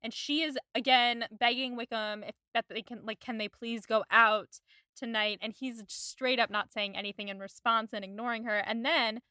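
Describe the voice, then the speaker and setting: A woman co-hosts a podcast and talks through a drama episode scene by scene. She has a bright, tense voice set a little above the usual, and a close microphone picks it up dry. She is giggly and lively and acts out the characters' lines. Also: a little high, normal speed, clear, resonant tone, no echo. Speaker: podcast co-host. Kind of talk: casual chat recapping a TV episode.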